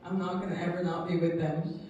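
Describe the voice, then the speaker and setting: A woman in her fifties from England, giving an earnest, emotional personal testimony as a guest speaker, with frequent laughs and halting restarts. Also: fairly low pitch, level tone, mellow, highs cut off. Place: community hall. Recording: echoey hall, distant mic, faint noise.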